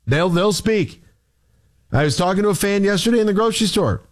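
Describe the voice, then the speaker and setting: A sports radio host on a worked-up rant, his voice pitched high and swinging all over as he fires off rhetorical questions. He sounds heated and exasperated. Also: expressive, fairly quick.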